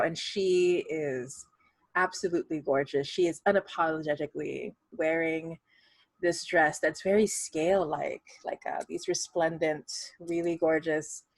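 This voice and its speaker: A woman's voice: deep voice, steady tone, unhurried, dry recording. A woman narrating a tabletop game as game master in a chatty, rambling way. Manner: chatty, many fillers and restarts, laughs.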